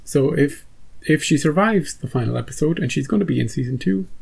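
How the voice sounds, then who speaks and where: A man's voice: fairly high pitch, animated, a little fast, gravelly, a little mellow, slightly rough, low-quality recording. A man hosting a reaction channel, chatting casually and rambling through an episode recap with many restarts. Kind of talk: casual post-episode chat.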